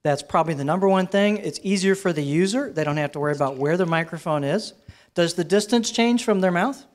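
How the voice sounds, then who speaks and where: A man leads a live workshop on microphone technique, and his voice sits a little high for a man. He talks in a relaxed, conversational way and turns to the audience with questions. He is heard through handheld and headset microphones in a room with a sound system. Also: fairly quick. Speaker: presenter teaching microphone technique. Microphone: handheld and headset microphones, switched during demo.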